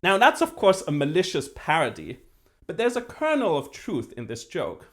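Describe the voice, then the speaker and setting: A man giving a university philosophy lecture as the professor, precise and lively, with dry self-deprecating humor. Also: on the high side, moderate pace. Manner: acts out voices when telling a joke.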